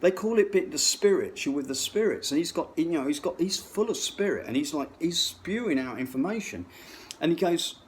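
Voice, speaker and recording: A man's voice: a little high, lively intonation, a little fast, a little hiss or hum. A middle-aged man telling a rambling, profane story, full of restarts. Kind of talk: rambling anecdote.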